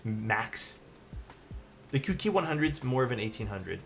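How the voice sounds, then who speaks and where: Man streaming a keyboard build, chatty and animated, with quiet music in the background. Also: medium pitch, measured pace, creaky. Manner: chatty, answers chat questions, trails off and restarts. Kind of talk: casual livestream chat while building.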